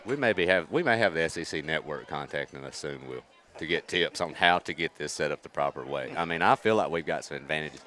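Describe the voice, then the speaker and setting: A man, giving chatty color commentary on a high school football game, explaining the rules. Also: lively intonation, fast talker, bright, forceful tone, a little hiss or hum. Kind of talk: live sports commentary.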